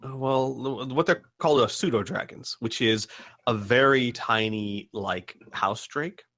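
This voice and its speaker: A man's voice: mid-range voice, measured pace, fairly bright tone. A man narrating as game master of a tabletop role-playing game, rambling with fillers and restarts.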